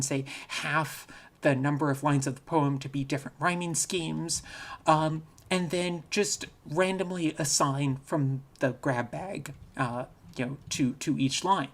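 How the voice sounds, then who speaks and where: A speaker giving a recorded virtual conference talk, explaining casually and thinking aloud with frequent restarts. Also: medium pitch. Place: home, recorded remotely.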